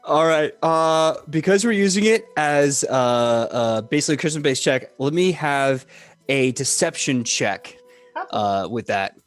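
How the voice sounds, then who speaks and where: A man's voice: on the high side, soft background music. A man narrating a tabletop game as game master, telling the scene with energy. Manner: animated, laughing, quick storytelling.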